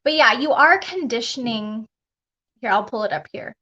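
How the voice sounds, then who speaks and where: A woman's voice: fairly high pitch, animated, normal speed, pushed and bright. A woman spiritual coach chatting casually on a live stream, rambling through her thoughts and laughing often. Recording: dull lo-fi live stream audio.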